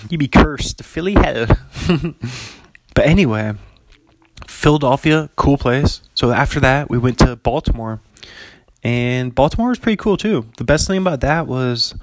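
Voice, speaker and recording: A man's voice: mid-range voice, no room sound. A young man chatting casually as a podcast host, rambling with lots of fillers and frequent laughs. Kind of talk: casual chat.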